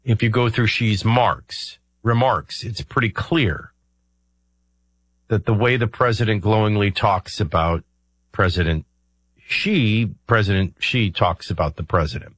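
A man's voice: fairly low pitch, unhurried, fairly bright tone, no echo. A middle-aged man hosting a talk radio show, explaining his views in a rambling, conversational way with many ums and uhs. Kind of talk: conversational political commentary.

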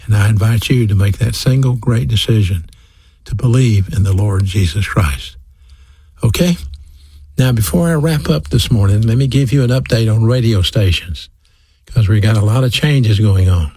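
Radio preacher, male, folksy and earnest, husky voice, dry studio sound. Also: fairly low pitch, normal speed, a little mellow, no echo. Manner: folksy, earnest, asks "okay?" for agreement. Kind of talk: radio sermon sign-off.

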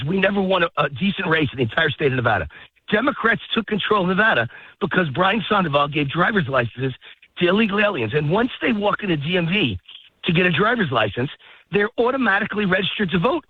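A man phones in to a political radio show, his high, slightly rough voice coming through a tinny line without echo. Winded from walking his dog in a park, he's fired up and ranting.

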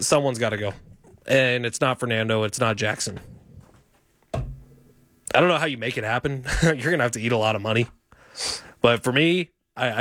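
A man's voice: medium pitch, fairly bright tone, dry recording. A man hosting a sports radio show, talking emphatically and giving firm opinions from the studio. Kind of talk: sports talk radio banter. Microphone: studio microphone.

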